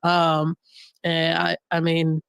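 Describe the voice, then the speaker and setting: A woman's voice: sits low, completely flat delivery, takes it slowly, gravelly, fairly bright tone, clean tone, no echo. A woman who directs a podcast network, talking in a candid, joking way on a casual panel, laughing often and restarting her phrases.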